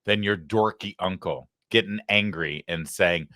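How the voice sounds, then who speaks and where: A man's voice: deep voice, a little slow, bright, forceful tone, dry recording, studio quality. A male talk show host from Michigan, delivering a heated, mocking rant as opinion commentary.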